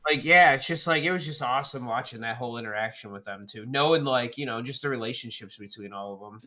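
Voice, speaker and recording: Halting man with a bright voice. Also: mid-range voice. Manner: halting, searches for words. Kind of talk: casual chat.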